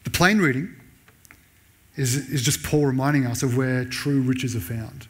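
A man preaching a sermon in a church, raising his voice sharply when he reads out sarcastic lines. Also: unhurried. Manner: animated preaching, pitch jumping up when voicing Paul's sarcasm. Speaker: pastor.

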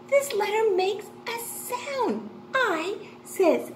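A woman teaching a kindergarten phonics class, talking slowly and excitedly with delighted gasps. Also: very high voice. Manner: slow, sing-song and excited, gasping with delight. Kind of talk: online lesson for young children. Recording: echoey room with faint noise.

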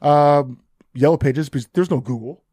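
A man's voice: fairly high pitch, moderate pace, no room sound, studio quality. A man in his fifties, a podcast guest telling stories casually and animatedly, acting out other people's lines. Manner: animated, acts out dialogue in shifting voices. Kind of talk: casual storytelling.

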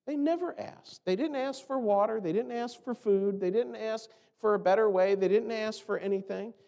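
An American man preaching a sermon as pastor, animated and often mimicking the complaining voices of others. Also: high-pitched, normal speed, creaky. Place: church sanctuary. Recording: long church reverb.

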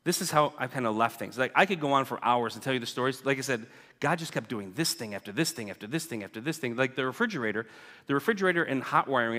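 A man's voice: mid-range voice, bright, forceful tone. A man giving a casual, joking church talk about his mission work, often asking "right?" and acting out what people said. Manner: chatty, keeps asking "right?", acts out quoted people. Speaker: guest speaker reporting on mission work. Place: church sanctuary. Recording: church hall with long reverb.

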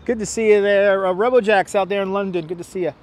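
A man's voice: sits high, fairly even intonation, fast talker. A man from New York hosting a live stream while walking outdoors, greeting viewers one by one in a casual, upbeat way on a clip-on mic. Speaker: live-stream host walking a city tour. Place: outdoors on city streets by a river. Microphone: wireless clip-on mic.

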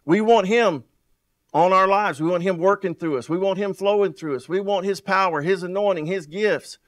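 A man preaches with fervor and a fairly high voice. He keeps firing rhetorical questions and repeating phrases. He swings from loud bursts to near-murmurs and stretches out words for weight. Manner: wide swings in loudness and pace, drawn-out emphasis. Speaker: pastor. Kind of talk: sermon.

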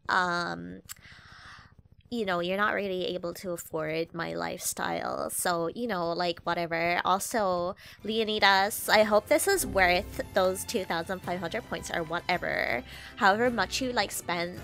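A woman's voice: medium pitch, gravelly, a bit bright. A woman playing a spoiled, snobby young valley girl cousin who drawls her words in a dismissive way.

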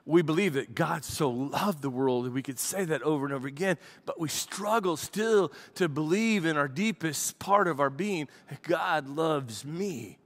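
A pastor delivers a sermon in a church, telling the story with animated energy. His voice sits a little higher than most men's. He acts out the quotes as he goes. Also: moderate pace, hardly any pauses.

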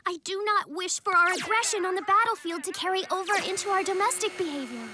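Cartoon alien teen girl: very high voice, earnest, stiffly formal wording. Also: quick pace, noisy background. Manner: formal, odd stilted phrasing. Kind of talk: cartoon voice acting. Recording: studio voice over loud music.

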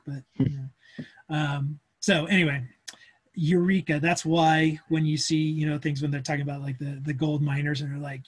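A man gives a physics lecture in a loose, conversational way, full of asides and filler words. His voice sits a little high and has a husky edge. He speaks over a video call. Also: fairly even intonation, normal speed. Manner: chatty and informal, with many fillers and asides. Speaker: physics instructor. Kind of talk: casual lecture.

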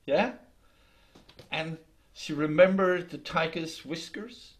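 A man telling a folk tale in a lively, halting way, over a video call. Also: a little high. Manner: lively, halting with restarts, laughs along. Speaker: storyteller. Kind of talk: oral folk storytelling.

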